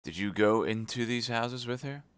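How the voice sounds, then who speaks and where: A man voicing a shrewd, commanding older cardinal who questions in a measured way. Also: medium pitch, clear, resonant tone, dry recording, voice pushed up, close to an everyday voice. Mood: probing.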